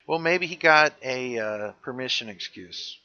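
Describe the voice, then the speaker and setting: Man, bright forceful voice, casual joking recap, dull lo-fi recording. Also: medium pitch, animated, measured pace, smooth. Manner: chatty, joking, narrates scenes. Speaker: podcast co-host. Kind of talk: casual chat recapping a show.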